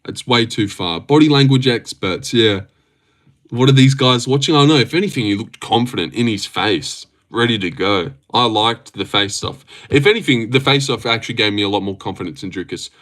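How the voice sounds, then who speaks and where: Aussie streamer dude, bright voice, rambly, swears and laughs a lot. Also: male voice, medium pitch, expressive, fairly quick. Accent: Australian. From Australia. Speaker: livestream host. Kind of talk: casual livestream chat reading comments.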